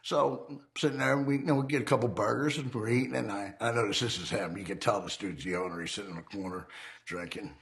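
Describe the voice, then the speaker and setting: Gravelly streetwise man telling stories. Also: lowish voice, steady tone, quick pace. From United States. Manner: profane, streetwise, acts out dialogue. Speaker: former outlaw biker telling his story. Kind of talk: casual storytelling interview.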